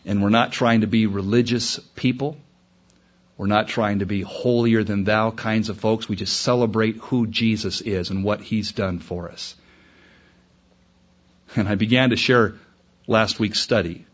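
A pastor preaching to his congregation, his voice a little husky and his delivery animated, jumping upward on key points. The recording sounds dull and muffled, like an old sermon tape. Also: a little slow. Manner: animated, rising in pitch when emphatic. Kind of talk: sermon storytelling.

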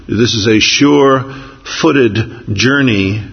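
A man preaching a sermon as pastor, unhurried and pausing with fillers, reading scripture slowly. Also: on the low side, fairly even intonation, gravelly, husky, in a large hall, dull audio.

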